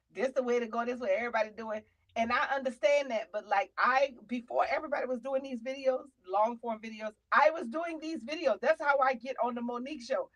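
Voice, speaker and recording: A middle-aged woman hosting a casual talk show, animated and preachy, now and then shouting out names. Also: sits high, rough recording. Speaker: show host.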